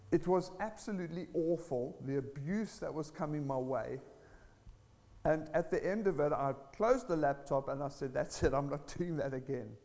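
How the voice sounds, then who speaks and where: A man preaching a sermon, telling a personal testimony in an earnest, animated way. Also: a little high, long reverb tail.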